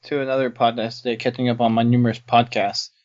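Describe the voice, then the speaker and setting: A man's voice: medium pitch, little pitch movement, darkish tone. Insistent man on a podcast. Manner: insistent, quick to correct others. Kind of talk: casual gaming podcast chat. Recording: dull lo-fi podcast audio.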